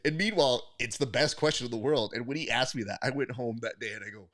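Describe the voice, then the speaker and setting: A man hosts a grappling podcast with a bright, forceful voice. He tells coaching stories with energy, playing out every line of dialogue and cursing casually. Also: mid-range voice, quick pace. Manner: animated storyteller acting out dialogue, swears freely. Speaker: podcast host; wrestling coach. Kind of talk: casual interview chat.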